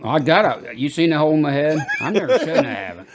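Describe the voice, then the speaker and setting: A man's voice: on the high side, very animated, fast, noisy background. An older man with a small-town American twang, hosting a podcast and telling rambling jokey stories in casual chat. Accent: rural American twang. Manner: rambling, joking, laughs at his own stories. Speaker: podcast host.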